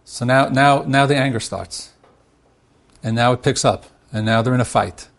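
A man's voice: mid-range voice, moderate pace, creaky. A man speaking as a marriage counselor, teaching with examples and acting out both spouses' words, often repeating and restarting. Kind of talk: teaching talk with acted-out examples.

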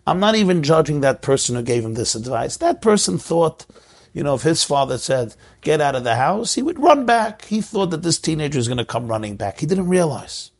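A middle-aged rabbi giving an earnest, emotional sermon, telling a story and repeating phrases for emphasis. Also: male voice, on the high side, animated, a little fast, creaky.

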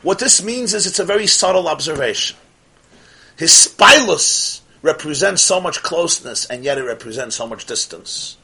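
A man teaching a Chassidic lecture in English, mixing in Yiddish and Hebrew terms, swinging from loud outbursts to near-whispers. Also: on the high side, animated, moderate pace, gravelly, breathy edge. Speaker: Torah teacher.

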